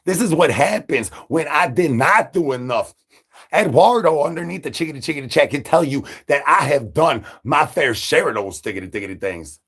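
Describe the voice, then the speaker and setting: A man live-streaming in a zombie persona, rambling through silly catchphrases with sudden jumps in pitch. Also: animated, normal speed, a bit bright, slightly rough. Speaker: livestreamer in zombie character. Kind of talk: absurd live-stream banter.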